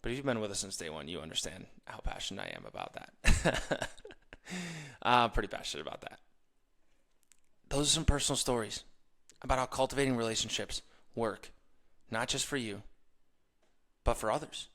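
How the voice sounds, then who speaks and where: Bright-voiced man ranting on a podcast. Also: fairly low pitch, moderate pace, vocal fry, long pauses. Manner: animated, ranting, mimics others in quoted asides. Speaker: podcast host. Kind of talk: casual motivational monologue.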